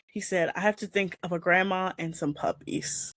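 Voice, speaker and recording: A woman hosting a casual chat show, telling an embarrassing story with animated, laughing delivery. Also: on the low side, normal speed, dry recording. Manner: animated, laughing, shrieking at punchlines. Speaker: host.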